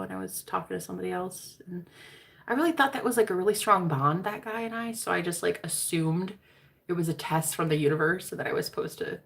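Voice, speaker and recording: A woman's voice: fairly low pitch, vocal fry. A woman casually telling a personal story to her viewers, candid and profane, calling them girl. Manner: candid, profane, chatty, addresses listeners as girl. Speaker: tarot reader.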